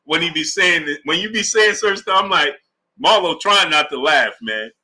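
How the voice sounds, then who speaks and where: Animated, bright-voiced man hosting a live stream. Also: on the high side, moderate pace. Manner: animated, talks to chat viewers by name. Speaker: sports live-stream host. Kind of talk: casual live-stream commentary.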